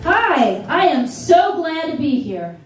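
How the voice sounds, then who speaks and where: Woman stand-up comedian, slow animated storytelling, echoey room, faint ambience. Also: sits high, over music. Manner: animated storytelling with exclaimed asides. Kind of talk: stand-up set. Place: comedy theater stage. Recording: echoey theater, distant mic.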